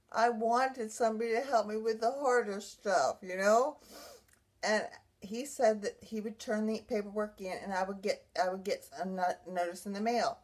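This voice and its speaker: A woman's voice: mid-range voice, darkish tone. A woman who survived a brain injury, telling her own story in an emotional, rambling way, with many restarts. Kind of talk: personal vlog monologue.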